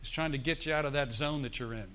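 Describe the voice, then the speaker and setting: Man preaching a lively sermon. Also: mid-range voice, quick pace. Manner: preaching with call-and-response asides; animated storytelling, acts out forced laughter. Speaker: pastor.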